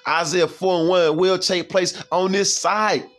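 A man's voice: sits high, steady tone, measured pace, fairly bright tone, faint music behind. A man preaching from scripture in a heated, profane way, reading verses aloud and breaking in again and again to ask his listeners if they see. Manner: profane, heated, keeps asking "you see?"; reads verses aloud, then comments on them.

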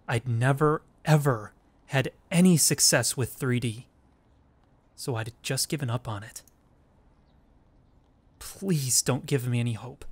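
In a low, mopey voice, a man reads the inner monologue of a gloomy, reclusive teenage boy from a visual novel. The performance is lightly acted.

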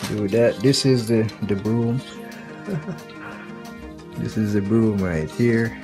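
A relaxed man hosting his own tech vlog talks slowly in a lowish voice, leaning on "actually" and "like" as he goes. He speaks close to a desktop USB mic, and the raw, unedited audio has faint music underneath. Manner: casual, repeats "actually" and "like", loose grammar. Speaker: tech channel host. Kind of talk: casual unboxing vlog. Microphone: USB desktop mic close to mouth.

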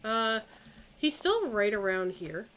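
A woman's voice: mid-range voice, big pitch swings, slow pace, fairly bright tone, a little hiss or hum, rough recording. A woman chatting casually over a ghost-hunting game, blunt and bossy and swearing. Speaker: streamer. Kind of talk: casual gameplay chat.

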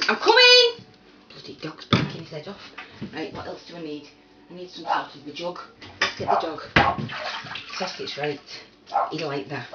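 A woman's voice: lowish voice, very noisy. A woman talking casually in a home vlog, chatting and cooing in a sing-song way to her dog at a sink. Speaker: vlogger. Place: indoors at a sink, small room. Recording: echoey room, voice far from the mic, dull sound. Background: running water and splashing.

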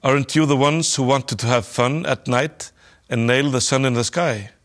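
Sly greedy space trader, as a male reader puts him on, smug sales patter, mid-pitched. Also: normal speed, close to an everyday voice.

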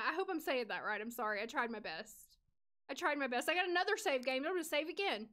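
A woman's voice: high voice, animated, quick pace, a bit bright. A woman from the United States streaming a life-sim game, chatting casually with viewers and talking to the characters.

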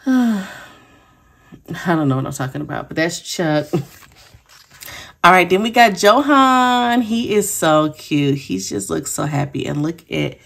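A woman speaks in a low voice, chatting casually to her viewers. She is giggly and effusive, calling everyone y'all. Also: expressive, takes it slowly, creaky, pauses often, fairly bright tone. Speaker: planner sticker vlogger. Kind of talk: casual chat.

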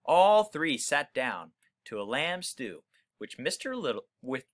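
A man reading a children's book aloud, pausing to explain words to young listeners in a friendly way. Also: mid-range voice, very animated. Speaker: reader for children.

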